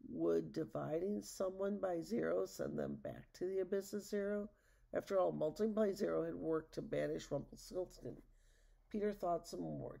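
Gravelly woman reading a storybook. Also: on the low side, warm tone. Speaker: narrator. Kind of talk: storybook read-aloud.

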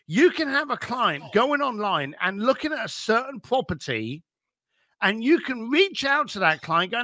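A man being interviewed as an entrepreneur, giving blunt, energetic business advice and swearing casually. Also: very high voice, normal speed, dry recording, studio quality. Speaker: entrepreneur guest.

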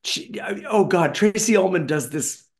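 Gravelly-voiced Canadian man telling stories. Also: high voice, moderate pace. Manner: animated, does voices of people in his stories. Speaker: voice actor guest. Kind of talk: anecdotal interview storytelling.

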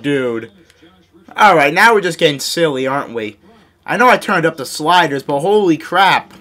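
A young man giving excitable live commentary on his own basketball video game, scolding his teammates and mocking himself. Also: a little high, normal speed. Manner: excitable, yells and laughs at big plays. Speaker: gaming YouTuber.

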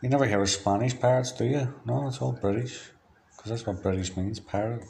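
A man from Ireland delivering a rambling, free-associating monologue in a flat, matter-of-fact way, drifting from one word to the next. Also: mid-range voice, a little fast, vocal fry. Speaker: diarist.

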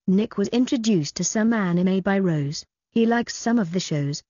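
A woman narrating an audiobook in a steady, even reading voice. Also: mid-range voice, moderate pace, dry recording, highs cut off.

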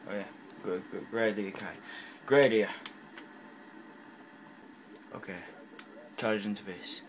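Excitable man commenting on gameplay. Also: on the low side, slight background noise. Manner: excitable, self-mocking, quick reactions. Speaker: gaming channel host.

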